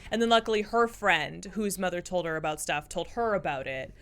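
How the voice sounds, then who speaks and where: A woman's voice: lowish voice, a little fast, fairly bright tone. A young woman co-hosting a stream, telling candid stories with casual swearing and laughter. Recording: faint music underneath.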